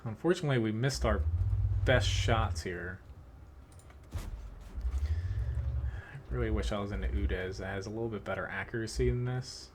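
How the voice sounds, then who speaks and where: A man with a Philadelphia accent, chatting casually while streaming a tank game, rambling with lots of fillers and quick laughs. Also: on the low side, slight background noise. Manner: rambling, filler-heavy, laughs between thoughts. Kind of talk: casual live-stream commentary.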